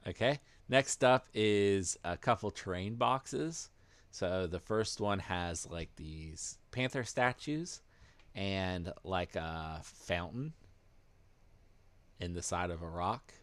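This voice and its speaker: Very deep-voiced, unhurried male podcast host. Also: a bit bright, no echo. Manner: hesitant, filler-heavy explaining. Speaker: podcast host presenting news. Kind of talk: casual podcast chat.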